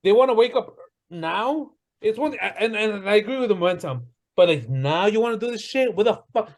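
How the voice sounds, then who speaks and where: A man's voice: high-pitched, lively intonation, normal speed. A man co-hosting a casual sports podcast, ranting heatedly and swearing often. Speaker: podcast co-host.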